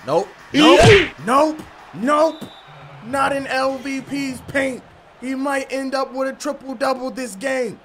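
A man giving excited gameplay commentary, hyping plays and often shouting. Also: extremely high pitch, a little slow, over music. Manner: hypes plays with frequent shouting. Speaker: gaming video creator.

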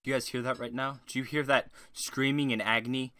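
Crude young man, bright dry voice. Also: mid-range voice, fairly even intonation, fairly quick, smooth, no room sound. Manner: crude, rambling, shifts between shouting rants and mumbling. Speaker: YouTuber. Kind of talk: joke Q&A monologue.

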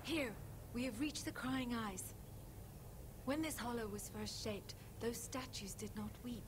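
A woman's voice: fairly high pitch, a little slow, close to an everyday voice. A woman voicing a solemn, ageless female fae guide in a video game, speaking in formal, archaic phrasing. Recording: game audio with clear background noise.

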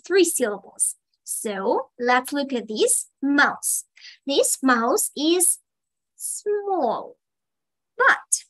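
A woman leads a live online English class for children, pitching her voice high above most women. She talks slowly and deliberately, then jumps up in pitch to stress key words, as if over a video call. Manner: slow, drawn-out teacher talk with sudden high, excited emphasis.

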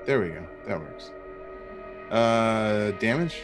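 A man's voice: lowish voice, lively intonation, slow, soft background music. A man speaking as a player in a tabletop game, brief and matter-of-fact as he states his moves. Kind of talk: casual tabletop play.

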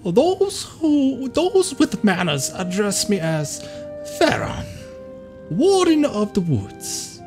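A woman's voice: mid-range voice, huge pitch swings, slow pace, a little mellow, soft background music, voice pushed up, exaggerated voice. A woman voicing a prim, proud female water dragon in a game playthrough, speaking in a haughty, formal way. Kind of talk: let's play voice-over.

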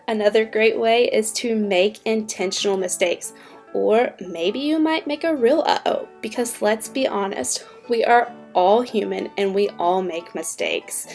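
A woman who teaches English online, giving upbeat, clear tips to fellow teachers. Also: mid-range voice. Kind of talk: instructional talk to fellow teachers.

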